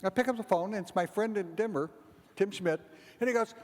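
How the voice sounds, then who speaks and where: A man's voice: sits high, a little fast, noisy background. A man giving a humorous keynote speech, rambling through a comic story and acting out the dialogue. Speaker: keynote speaker. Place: large event hall. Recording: long hall reverb, faint background ambience.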